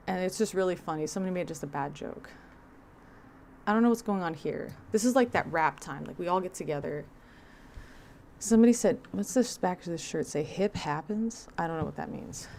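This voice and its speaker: Brief: a woman streamer, slightly low voice, wry and sarcastic commentary, a faint hiss behind her. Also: lively intonation, a little fast, a little mellow. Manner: sarcastic, wry, laughing asides. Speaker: livestream host. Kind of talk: livestream reaction commentary.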